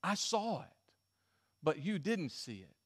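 A male pastor preaching a sermon and telling a story, swinging from emphatic stretches to hushed ones. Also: on the high side, sing-song, slow.

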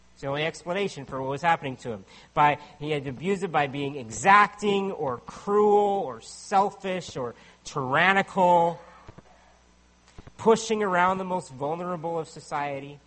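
A man's voice: a little high, fairly bright tone. A man preaching a sermon in a conversational way, often asking listeners rhetorical questions. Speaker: pastor.

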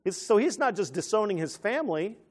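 A man preaching an animated teaching sermon who keeps asking his listeners questions. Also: high-pitched, brisk.

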